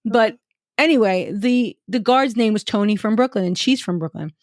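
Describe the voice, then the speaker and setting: A woman in casual podcast chat, telling trip stories with quick asides. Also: mid-range voice, no room sound, clean studio sound. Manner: chatty storyteller, quick asides. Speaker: podcast guest.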